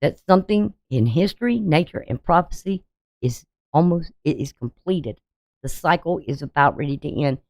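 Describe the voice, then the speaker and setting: A woman astrologer talks her viewers through a coming forecast. Her voice sits somewhat low, and the sound is dry with no room around it. She is emphatic and a little preachy, leaning on rhetorical questions to drive her points home. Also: lively intonation, normal speed, a little mellow, no room sound. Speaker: astrologer and tarot reader.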